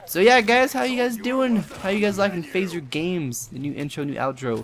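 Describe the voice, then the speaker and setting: A young man giving live gameplay commentary, excitable and rambling, swearing and yelping often. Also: sits high, moderate pace, slight background noise.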